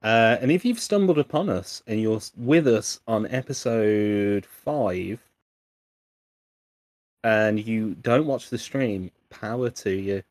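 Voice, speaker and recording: A man's voice: on the low side, animated, takes it slowly, a little mellow, no echo, clean studio sound. A British man co-hosting a casual podcast, joking and swearing, often breaking into mock voice-assistant impressions. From United Kingdom. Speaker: podcast co-host.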